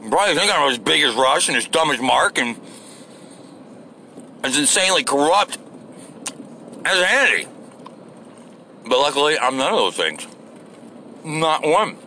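A man's voice: fairly high pitch, big pitch swings, moderate pace, long pauses, sharp tone, slight background noise. A man hosting a podcast, ranting off the cuff outdoors in a crude, sarcastic way and swearing constantly. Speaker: podcast host. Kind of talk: profane off-the-cuff rant.

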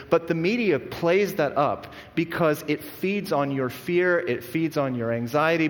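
A man delivers a sermon in an earnest, conversational manner, often restarting his sentences. His voice sits a little higher than most men's. The sound carries the long echo of a large church hall. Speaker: pastor.

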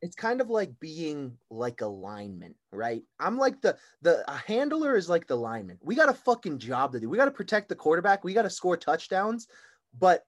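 A man's voice: a little high, sing-song, normal speed. A young man, a guest handler, talking emotionally and rambling with many filler words. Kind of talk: casual chat.

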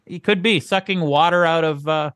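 A man's voice: on the high side, moderate pace, a bit bright, clear, resonant tone, no echo, clean studio sound. A man co-hosting a comedy podcast, teasing and exasperated with his co-host, often laughing as he talks. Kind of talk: casual comedic chat.

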